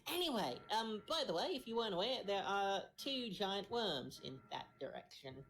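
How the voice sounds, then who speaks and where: A woman's voice: mid-range voice, sing-song, moderate pace, a little hiss or hum. A woman playing a tabletop game, dropping wry, joking asides. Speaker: player. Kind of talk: casual tabletop play.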